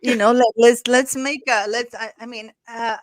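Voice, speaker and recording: A woman's voice: a little high, steady tone, normal speed, no echo. A woman hosting a casual livestream, rambling and chatty with many restarts, thanking donors effusively. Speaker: livestream host.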